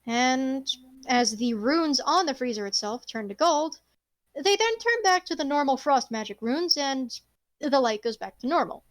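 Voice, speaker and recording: High-voiced woman game master. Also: unhurried, dry recording. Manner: rambling, expressive, swears casually. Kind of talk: narrating a tabletop game.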